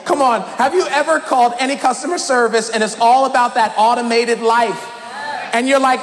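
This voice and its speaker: A male pastor telling a playful, animated story in his sermon, breaking into shouts now and then, recorded in a church. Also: very high-pitched, brisk. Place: church sanctuary. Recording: echoey church hall with background noise.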